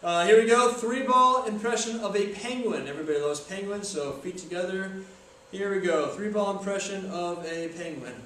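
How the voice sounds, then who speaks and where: A man's voice: high-pitched, normal speed, pushed and bright. Young man talking in an echoey room. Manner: joking, self-deprecating, chatty. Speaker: video maker. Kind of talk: casual self-filmed tutorial talk. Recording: echoey room from far off, faint noise.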